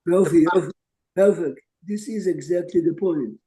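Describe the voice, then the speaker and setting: Older rabbi with a sharp, bright voice. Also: male voice, on the high side, moderate pace, low-quality recording. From Jerusalem. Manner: storytelling, mixes Hebrew terms into English. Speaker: rabbi teaching a class. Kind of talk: online Torah class.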